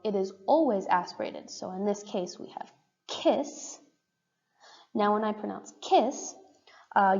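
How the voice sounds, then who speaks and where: A woman's voice: mid-range voice, warm tone. Young woman giving a casual class presentation. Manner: casual, explanatory, with frequent fillers. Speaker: student presenter. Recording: dull roomy recording with long reverb.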